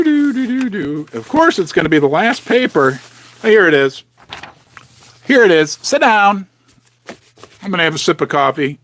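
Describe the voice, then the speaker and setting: Rambling casually from his basement at home, a man who hosts a precious metals channel addresses his viewers directly, tossing in sarcastic asides and muttering to himself. He speaks a little high, with a fairly bright tone.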